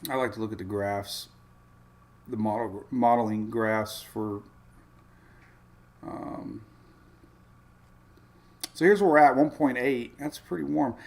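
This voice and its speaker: A middle-aged man chatting on a casual weather livestream from a home studio. He rambles and thinks aloud, dropping plenty of ums and uhs. His voice sits at an ordinary mid pitch. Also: slow pace, vocal fry, long pauses. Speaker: weather show host.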